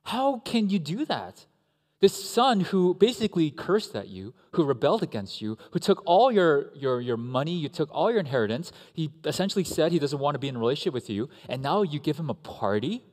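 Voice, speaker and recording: A man voicing a furious, resentful older brother who shouts indignant complaints in a sermon. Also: a little high, sing-song, brisk, pitched above the performer's own voice. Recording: echoey hall.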